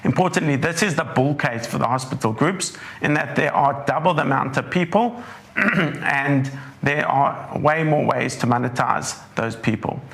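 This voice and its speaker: A man, a portfolio manager with a croaky, hoarse throat, giving a measured webinar presentation that walks through charts. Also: mid-range voice, lively intonation, fairly bright tone. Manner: measured, leans on "importantly", walks through slides.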